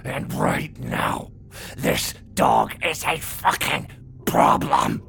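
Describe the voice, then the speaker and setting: A man voicing a drunken, enraged father who snarls and shouts in a thick, abrasive, slurred voice. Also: on the low side, huge pitch swings, drawn-out words, creaky, slight background noise, full character voice. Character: drunken, enraged middle-aged father, menacing.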